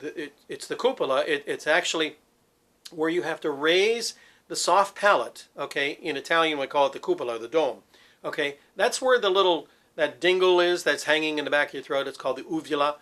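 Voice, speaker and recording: Male voice teacher, middle-aged, bright ringing tone, slightly high voice, demonstrative and explanatory. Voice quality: resonant, focused head voice. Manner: demonstrative, explains with sung examples. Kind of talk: vocal technique lesson.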